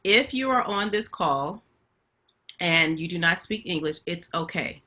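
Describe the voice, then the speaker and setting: A woman hosts a webinar and talks straight to her audience, telling stories in a chatty way. Her voice is bright and forward, pitched a little low, with a sharp edge. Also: expressive, a little slow. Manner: chatty storytelling, addresses audience directly. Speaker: webinar host. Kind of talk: casual webinar talk. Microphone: video call.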